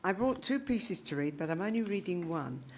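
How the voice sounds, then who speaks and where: A woman reading a children's short story aloud at a public reading, in an animated, expressive style with voiced characters. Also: on the low side, moderate pace, heavy background noise. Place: live literary reading event.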